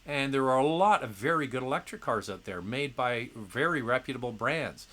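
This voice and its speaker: A middle-aged man hosting a casual livestream Q&A answers viewer questions in a voice of ordinary pitch that comes across bright and forceful, with lively intonation at a moderate pace. He's chatty and opinionated, frequently restarting sentences with "uh" and "um."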